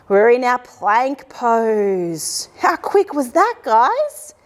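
A young woman leading a playful children's yoga lesson, guiding poses and making animal sounds. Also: very high voice. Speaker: kids' yoga instructor.

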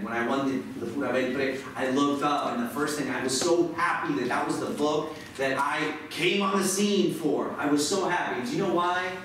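A man's voice: medium pitch, a bit bright, a little hiss or hum. A man giving a passionate motivational talk as a visiting author, urging the audience to join a chant. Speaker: author speaking at a school event. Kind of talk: motivational speech. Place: large lecture hall. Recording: echoey hall from far off.

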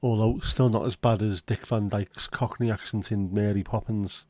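Sweary man, low mellow voice. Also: steady tone, normal speed, no room sound. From Liverpool, England. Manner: sweary, sarcastic banter. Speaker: livestream host. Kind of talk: casual livestream chat reading viewer comments.

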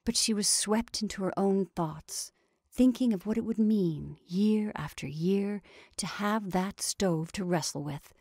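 A woman reading a short story aloud in a measured way, often dropping into a soft whisper. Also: medium pitch, dry recording, clean studio sound.

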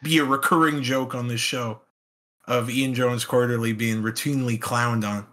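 A man's voice: medium pitch, fairly even intonation, a bit bright. A young man co-hosting a casual podcast, joking and swearing, often laughing and slipping into silly voices. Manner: laughing, profane, jokey, puts on quick silly voices. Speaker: podcast co-host.

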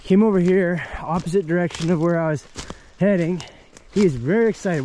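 A man vlogging while shed hunting in the woods, talking warmly to his dogs with excited praise and laughter. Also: sits high, brisk. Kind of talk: casual outdoor vlog talk to dogs. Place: woods outdoors.

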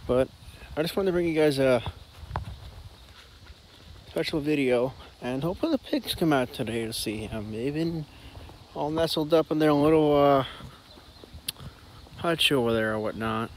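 A man vlogging outdoors on a farm with his dog, chatting casually and talking to the dog in a high sing-song voice. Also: normal speed, long pauses, slight background noise. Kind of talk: casual vlog narration. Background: faint outdoor ambience.

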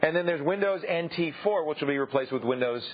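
A man co-hosting a tech TV show, explaining things quickly and joking wryly in casual banter. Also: on the high side, lively intonation. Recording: dull old TV broadcast with faint hiss.

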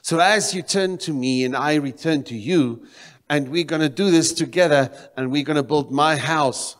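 South African pastor preaching in a reverberant hall. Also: male voice, a little high, normal speed. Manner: preaching with swings between loud exclamations and quiet emphasis. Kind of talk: sermon. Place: church sanctuary.

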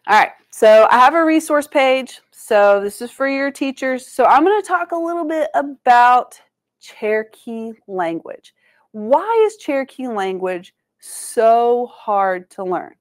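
A woman, an educator giving a language lesson to schoolchildren, encouraging them and slowly sounding out words for them to repeat. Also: on the high side, very animated. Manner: encouraging, call-and-response, slows to sound out syllables. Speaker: Cherokee language and culture educator. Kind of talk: teaching a children's language lesson. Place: museum presentation room.

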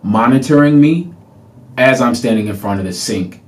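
A man hosting a podcast, telling a personal story in an animated way and acting out the people in it. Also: mid-range voice, moderate pace. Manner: animated, laughing, reenacts people. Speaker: podcast host.

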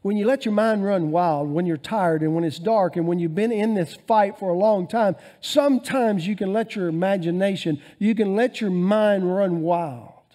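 A male pastor preaching a sermon, swinging between loud emphasis and quiet asides. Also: sits high, normal speed, few pauses.

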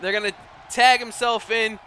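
A man commenting on a wrestling video game match in lively play-by-play, with frequent exclamations and a put-on accent. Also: high voice, normal speed, slight background noise, poor audio. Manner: exclaims often, putting on a mock accent.

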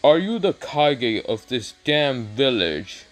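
A man's voice: medium pitch, big pitch swings, takes it slowly, soft background music. A man voicing an enraged vengeful grandfather. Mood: menacing. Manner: gruff angry threats, stumbling rewording. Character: furious vengeful grandfather clan leader.

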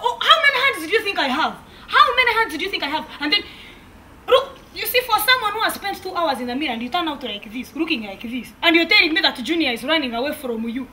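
A sassy young housemaid, played by a woman, mocking and talking back with a high voice that swoops up and down. Faint outdoor noise sits behind her in this comedy sketch. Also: sharp tone. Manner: cheeky, mocking, talks back.

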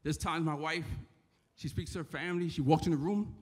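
A man's voice: a little high, steady tone, fairly quick, husky. A man from the Bronx with a New York accent, giving a casual sermon in church and often asking "right?". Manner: conversational, repeats "right?" to the crowd. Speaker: church member giving a talk. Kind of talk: informal sermon. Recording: echoey church hall.

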